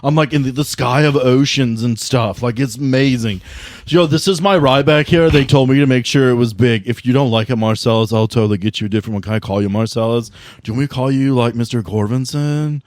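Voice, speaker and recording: A man voicing an excitable young vape-cloud bro who gushes and says "bro" constantly, in a tabletop role-play podcast. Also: on the low side, moderate pace, dry recording, close to an everyday voice. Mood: eager. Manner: gushing, repeats "bro" and "like".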